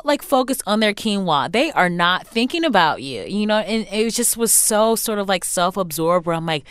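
A young woman with a low, smooth voice, talking openly in an interview. She is lively and throws in quick acted-out voices of other people, full of casual "like" fillers. The recording is dry and close. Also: no room sound. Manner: animated, acts out quoted voices, frequent "like" fillers. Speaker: interview guest, author. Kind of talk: candid interview conversation.

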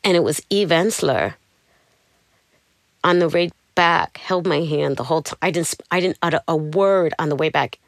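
Animated New woman telling her story. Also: deep voice, moderate pace, creaky, dry recording, studio quality. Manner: animated, acts out the voices of people in her stories. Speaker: guest. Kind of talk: candid interview storytelling.

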